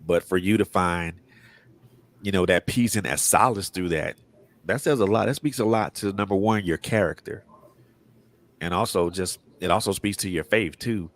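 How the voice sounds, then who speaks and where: Deep-voiced male talk show host. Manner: affirming, measured, restarts phrases.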